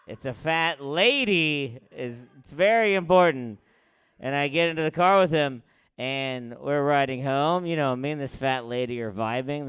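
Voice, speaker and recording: A young man doing loose stand-up, telling crude, rambling, self-mocking stories that swing from loud to quiet. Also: mid-range voice, clear, resonant tone. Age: young adult. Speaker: stand-up comic.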